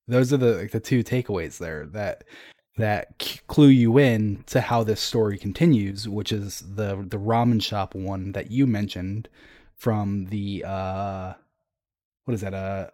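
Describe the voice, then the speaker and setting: Low dark-voiced man chatting animatedly. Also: no echo, studio quality. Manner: animated, laughs often, quick restarts, quotes characters in an everyday voice. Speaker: podcast co-host retelling a story. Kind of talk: casual chat, retelling a story.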